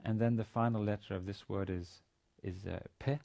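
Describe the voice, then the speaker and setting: A man lecturing on a language lesson, speaking haltingly with many fillers and restarts. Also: fairly low pitch, steady tone, gravelly, dark tone. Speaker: university lecturer.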